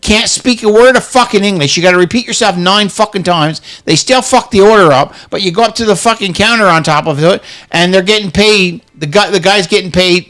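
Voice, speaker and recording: A man's voice: high-pitched, a bit bright. A middle-aged man in casual chat, ranting heatedly with lots of swearing and stammered restarts. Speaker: co-host.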